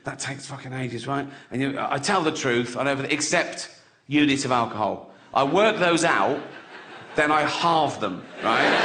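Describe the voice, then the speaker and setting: A man's voice: medium pitch, roomy sound, very noisy. A man, performing a crude stand-up routine and laughing through his own punchlines. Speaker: stand-up comedian.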